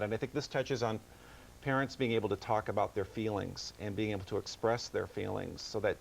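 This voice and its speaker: A man's voice: on the low side, fairly even intonation, vocal fry, a little hiss or hum, rough recording. A man guesting on a TV news interview as an author, speaking earnestly with frequent stammered restarts. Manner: earnest, halting, many restarts.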